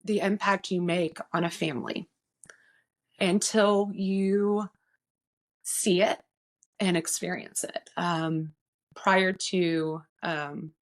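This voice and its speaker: A woman with a somewhat low voice talks as a guest in a casual podcast conversation. She sounds earnest and reflective. She often stops with "um" while she works out what she means. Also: fairly even intonation. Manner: earnest, reflective, pauses with frequent "um". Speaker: guest, insurance agency owner.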